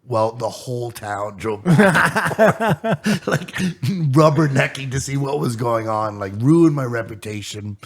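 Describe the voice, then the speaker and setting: A Canadian man in his forties, a podcast co-host, telling anecdotes in halting casual chat. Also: medium pitch, animated, slightly rough. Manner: halting, laughing anecdote-teller.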